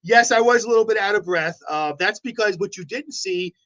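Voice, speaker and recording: A man with a high-pitched, fairly bright voice talks briskly, though the audio is dull. Co-hosting a local morning show, he jokes through studio banter and playfully defends himself with mock-defensive teasing.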